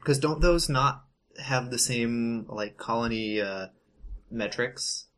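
A man's voice: mid-range voice, takes it slowly, a bit bright. A man co-hosting a casual podcast, teasing dryly and steering the conversation along. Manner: dry, teasing, steers the talk. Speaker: podcast co-host. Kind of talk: casual chat.

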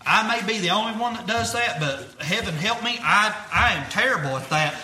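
A man's voice: high voice, animated, normal speed, pushed and bright, reverberant. A young man preaching earnestly, repeating himself and using folksy grammar. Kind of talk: sermon.

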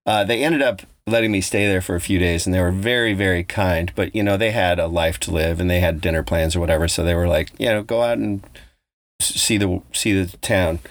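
A podcast host with a deep voice tells a travel story fairly quickly on a dry recording. It's casual storytelling, loose and rambling, full of swearing and restarts.

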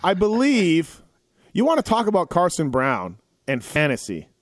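A man's voice: on the high side, huge pitch swings, normal speed, dry recording. A man hosting a casual racing podcast, rambling and correcting himself as he reads off results. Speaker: podcast host running through race results. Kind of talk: casual chat.

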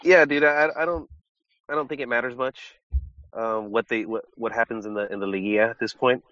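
A man co-hosting a casual football podcast while getting over a cold, talking with a slightly nasal, congested voice and a relaxed, joking manner. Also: medium pitch, fairly quick, no echo, muffled recording. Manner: relaxed, joking, many restarts. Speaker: podcast co-host. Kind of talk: casual chat.

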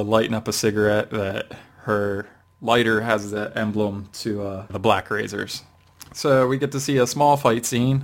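A man co-hosting a podcast, reviewing a comic book in a casual, rambling way with many fillers and restarts. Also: on the low side. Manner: rambling, hesitant with frequent fillers. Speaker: podcast co-host.

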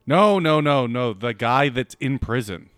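Animated, teasing man in casual chat. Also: mid-range voice, unhurried, clean tone, no room sound, studio quality. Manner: blunt, teasing, swears a lot. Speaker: podcast co-host.

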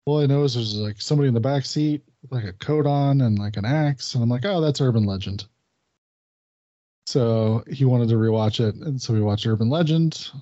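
A podcast co-host with a mid-range, dark-toned voice talks at a normal speed, with no echo. He casually tells a story in a chatty way, swearing and acting out his friend's lines. The podcast audio is dull and lo-fi.

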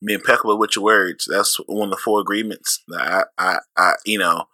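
A man with a St. Louis accent co-hosts a podcast in a loose, rambling chat, laughing often and cursing freely. His voice is very bright and forward. The sound is dry and close, with no room heard behind him. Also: fairly low pitch, steady tone, fairly quick, no echo. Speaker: podcast co-host. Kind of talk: casual chat.

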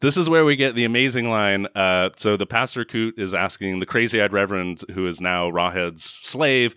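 A man co-hosting a casual podcast, recapping a movie with animated storytelling, frequent laughter and the odd swear. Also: lowish voice, normal speed, few pauses, clean tone, dry recording, studio quality. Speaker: podcast co-host.

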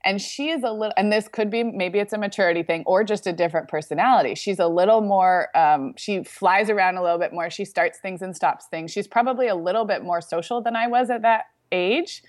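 A woman co-hosting a podcast, speaking thoughtfully about her children in casual chat, often pausing to find words. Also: mid-range voice, no room sound, studio quality. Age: adult, mother of young children. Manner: thoughtful, many fillers and pauses. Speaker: podcast co-host.

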